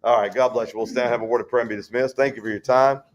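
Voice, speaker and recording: A man teaching a Bible study, folksy and conversational, reading scripture slowly. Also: medium pitch, steady tone, muffled recording, a little hiss or hum.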